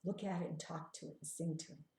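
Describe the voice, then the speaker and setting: A woman reading a picture book aloud to young children, asking them questions and leading hand games in a gentle, coaxing way, sometimes dropping to a whisper. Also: low-pitched, fairly even intonation. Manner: drops to a whisper at times, sings slowly. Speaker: children's storyteller. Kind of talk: interactive children's story reading. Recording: roomy echo.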